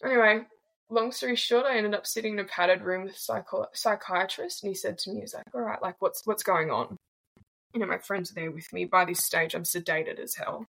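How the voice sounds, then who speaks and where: With a mid-range, a bit bright voice marked by vocal fry, this woman speaks fast through poor audio. She is a twenty-something Australian guest sharing her own story candidly, bluntly and casually, swearing freely.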